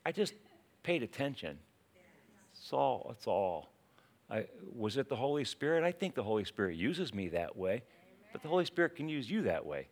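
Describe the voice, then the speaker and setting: A man's voice: mid-range voice, very animated, moderate pace. Man preaching a conversational sermon. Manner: conversational, anecdotal with many restarts.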